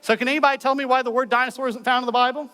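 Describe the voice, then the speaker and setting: A man lecturing a live audience in an animated way, with many rhetorical questions. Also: extremely high pitch, racing, clear, resonant tone. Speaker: speaker.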